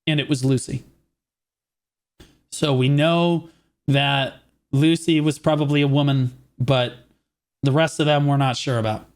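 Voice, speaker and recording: A male streamer telling a story to his chat in casual, profane, animated fashion, mocking the people he quotes. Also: mid-range voice, measured pace, long pauses.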